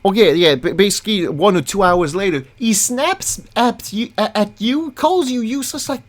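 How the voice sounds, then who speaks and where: A woman's voice: medium pitch, normal speed. A woman host ranting angrily through a reaction commentary, profane and exasperated, often stumbling and restarting her words. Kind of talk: angry reaction commentary, reading a document aloud.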